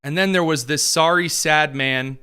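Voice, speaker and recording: A man's voice: a little high, normal speed, pushed and bright, clean tone. A man hosting a political commentary show, talking in a sarcastic, mocking way. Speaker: podcast host.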